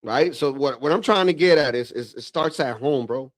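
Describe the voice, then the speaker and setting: A man's voice: medium pitch, moderate pace, no echo. Slangy man hosting a dry-sounding livestream. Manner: slangy, peppers speech with "bro" and "man"; animated, drops into mock voices of relatives. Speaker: livestream host. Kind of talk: casual reaction commentary.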